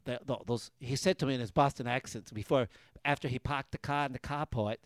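A man's voice: medium pitch, fairly quick, no room sound. A man hosting a casual talk show from a garage, emphatic and opinionated, hammering his points home. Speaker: host.

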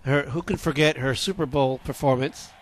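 Rambling animated male co-host. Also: mid-range voice, moderate pace. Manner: animated, rambling, repeats himself. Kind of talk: casual radio chat.

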